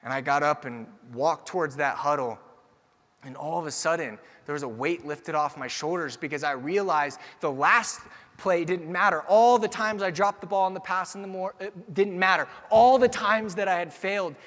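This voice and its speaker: A young man giving a motivational keynote speech, moving from personal storytelling to energetic calls to the audience. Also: fairly high pitch, normal speed. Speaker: keynote speaker. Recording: long hall reverb.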